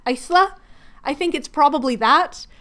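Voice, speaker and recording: Woman chatting away while making paper crafts, high voice, laughs at herself a lot. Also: normal speed, fairly bright tone. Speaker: craft channel host. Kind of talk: casual livestream chat while crafting.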